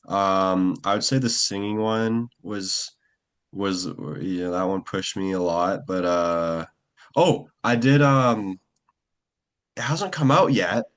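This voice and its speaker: In a deep, slightly bright voice, a young actor talks casually during an interview, rambling with many fillers and snappy acted-out quotes.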